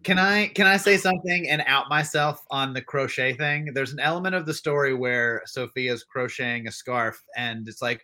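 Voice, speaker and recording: A man hosting a casual podcast chat, lively and joking as he hands the discussion to others. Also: mid-range voice, normal speed, hardly any pauses. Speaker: podcast host. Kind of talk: casual chat, moderating a group.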